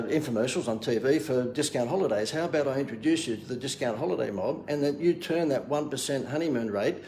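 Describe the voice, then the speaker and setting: A man's voice: medium pitch, a little mellow, roomy sound, a little hiss or hum. A man giving a casual live talk on his phone, bantering and joking about himself as a marketing coach. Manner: jokey, self-mocking salesman banter. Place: outdoors near a harbour. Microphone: phone camera.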